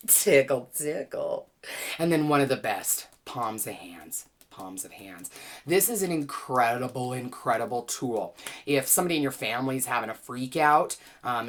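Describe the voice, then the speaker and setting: A woman teaching a well-being class, gently and playfully guiding listeners through calming exercises with easy laughs. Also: a bass voice. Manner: playful, chatty, laughs easily. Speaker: wellness teacher and author.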